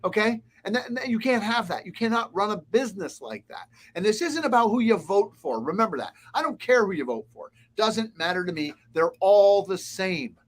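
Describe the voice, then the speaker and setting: A man's voice: high voice, sing-song, normal speed, hardly any pauses. A man, a restaurant consultant, giving blunt, emphatic advice as a guest in a casual interview. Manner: blunt, emphatic, lists points.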